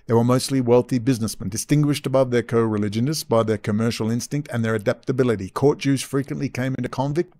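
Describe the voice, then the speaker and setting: A man's voice: mid-range voice, fast, hardly any pauses, mellow. A man hosting a video, reading passages aloud and breaking off into sarcastic, mocking asides. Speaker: host.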